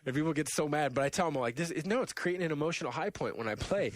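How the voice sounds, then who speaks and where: A man in casual podcast chat who tells his gaming stories with plenty of laughter. He bursts into loud imitations of game taunts and then drops back to easy talk. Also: a little high, expressive, fast talker, few pauses, background noise. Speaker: podcast host.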